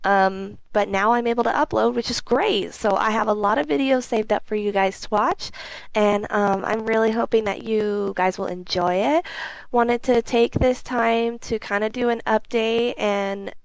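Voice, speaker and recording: A young woman with a hoarse voice from a cold, talking frankly and casually in a video update with many ums. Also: on the high side, fairly even intonation, normal speed, no room sound, dull audio. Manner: chatty, frank, lots of ums. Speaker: gaming video host.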